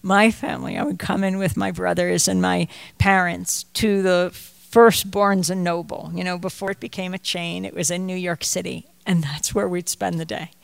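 A woman's voice: fairly low pitch, fairly even intonation, normal speed, creaky, no echo. An older woman, a journalist on a book tour, speaking to an audience at a bookstore, wandering into chatty stories and asides. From United States. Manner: digressive storytelling, chatty asides. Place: bookstore event.

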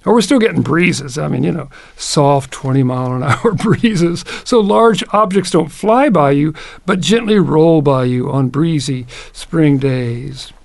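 A folksy man with a gravelly, somewhat high voice tells a wandering story in a playful tone, lingering on words he likes. The sound is close and dry, with no room around it. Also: unhurried, no echo. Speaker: host.

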